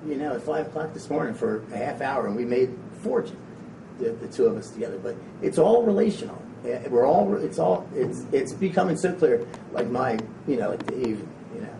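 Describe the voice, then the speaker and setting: Gravelly man speaking in an echoey room. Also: medium pitch, a little fast, far from the mic. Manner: rambling, energetic, frank and casual with some swearing. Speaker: motivational speaker. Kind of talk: motivational talk to a live audience. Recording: echoey room, speaker away from the mic, faint noise.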